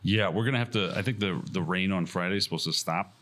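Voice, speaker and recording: Low-voiced man, easygoing podcast co-host. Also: fast, fairly bright tone. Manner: easygoing, agreeable, laughs often. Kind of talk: casual podcast chat.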